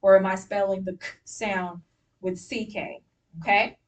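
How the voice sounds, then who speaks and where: A woman's voice: medium pitch, level tone, measured pace, distant mic. Woman teacher heard from across a classroom. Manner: patient, directive, step-by-step instructions. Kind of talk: classroom spelling lesson.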